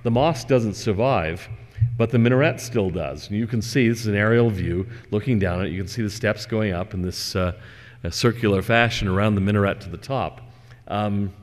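A man giving a religious lecture and reading scripture, measured and conversational, with fillers and asides. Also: on the low side, in a large hall.

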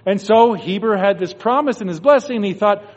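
High-voiced man telling a story in a hall. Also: a little fast, a little mellow. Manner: storytelling, acting out quoted thoughts. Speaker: religious speaker. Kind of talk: devotional talk. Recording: dull recording in a reverberant hall.

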